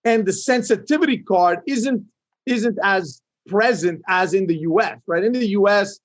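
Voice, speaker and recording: Speaking at a normal pace with a voice that sits high, this middle-aged Canadian entrepreneur is an interview guest. He talks with animated emphasis and frequently tags his points with "right?" to draw agreement.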